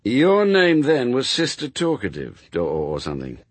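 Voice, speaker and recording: A snappish, sarcastic demon, played by a male narrator. His delivery swings widely in pitch, biting and quick to mock, with a husky grain in a dry, close room. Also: wildly swooping pitch, no room sound. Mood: sardonic. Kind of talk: audiobook character voice.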